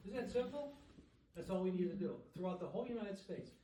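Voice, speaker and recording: At a society dinner, a middle-aged or older man gives a fast, animated public talk to the audience in a banquet room, asking the crowd questions in a fairly high voice. He stands well back from the microphone in an echoey room, with a soft hiss in the background.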